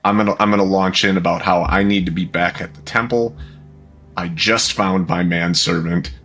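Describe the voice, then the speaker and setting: A man's voice: low-pitched, fairly even intonation, normal speed, fairly bright tone, husky, soft background music. A man playing a tabletop role-playing game, talking in a casual, rambling way. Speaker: player.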